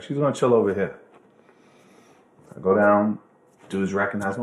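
A man telling a lively anecdote on a podcast, acting out other people's voices and swearing freely. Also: medium pitch, fairly quick. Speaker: podcast guest. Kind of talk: animated storytelling. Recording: roomy echo.

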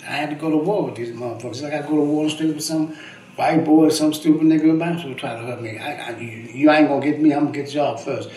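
Slightly high and fairly even in intonation, this fast-talking older man has a mellow voice, with a little hiss or hum in the recording. A veteran poet, he rambles through emphatic, profane interview stories, tacking "man" onto many sentences, recorded from a distance in an echoey room with faint ambience.

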